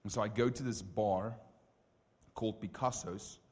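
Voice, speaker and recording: South African male pastor, lowish voice, casual storyteller, reverb of a big church hall. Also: normal speed. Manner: casual, animated storytelling with frequent "like" and "right?". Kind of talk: storytelling sermon.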